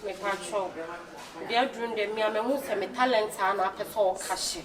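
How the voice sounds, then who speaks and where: A woman's voice: mid-range voice, steady tone, moderate pace, recorded from a distance, slight background noise. A woman acting in a comedy skit, boastful and talkative.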